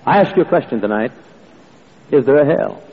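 A man preaches with a husky, slightly breathy voice that carries a long hall reverb. He tells stories in an earnest way, dotted with "uh" fillers. The sound is dull and lo-fi. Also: medium pitch, very animated, brisk. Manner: earnest storytelling with frequent "uh" fillers. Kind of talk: sermon.

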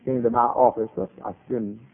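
A man preaching a sermon as pastor, animated, dropping to quiet asides and rising to shouted retellings. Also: medium pitch, moderate pace, creaky. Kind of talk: revival-style sermon. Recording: tinny phone-like old sermon recording.

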